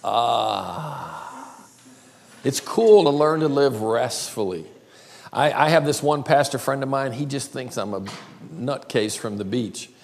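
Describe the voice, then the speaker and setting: An older man from South Carolina with a Southern accent, preaching a playful sermon and drawing words out slowly. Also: medium pitch, a little mellow. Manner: playful, drawls words slowly, calls crowd y'all. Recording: long hall reverb.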